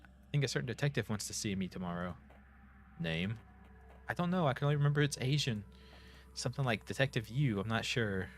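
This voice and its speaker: Man voicing a frightened teenage schoolgirl, nervous, higher-pitched, game dialogue. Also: animated, a little fast, long pauses, lightly acted. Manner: nervous, questioning.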